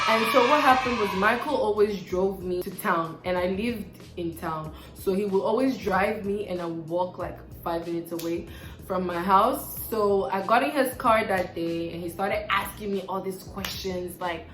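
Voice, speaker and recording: Animated young woman telling a story. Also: medium pitch. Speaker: vlogger. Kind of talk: casual storytime vlog. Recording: echoey room, faint background music.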